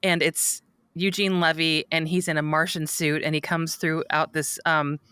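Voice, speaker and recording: A woman's voice: deep voice, little pitch movement, moderate pace, bright, forceful tone, clear, resonant tone, no room sound. A woman co-hosting a podcast, chatting casually and gushing about her favorite lines. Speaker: podcast co-host. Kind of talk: casual chat.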